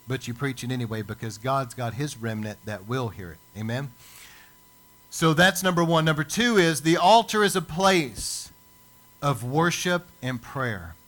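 A male pastor preaching a sermon, building emphasis with dramatic pauses. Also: mid-range voice, a bit bright. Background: church service.

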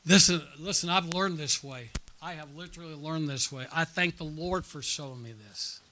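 A middle-aged male pastor preaching at a church conference, his voice very bright and sitting a touch high. He tells a personal story and keeps calling out questions to the congregation. He climbs to loud, excited peaks, then drops to quiet, low asides. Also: moderate pace, a little hiss or hum. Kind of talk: sermon.

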